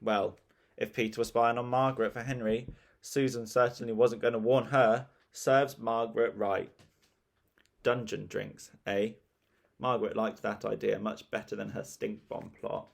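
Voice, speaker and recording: Man reading a kids' story, low voice, gravelly, slow, playful. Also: level tone.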